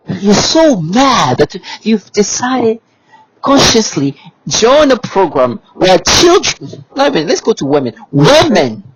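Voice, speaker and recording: A man's voice: sits high, a little hiss or hum, low-quality recording. A man speaking in an agitated monologue to camera. He talks emphatically and repeats himself, with many restarts and rhetorical questions. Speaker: vlogger.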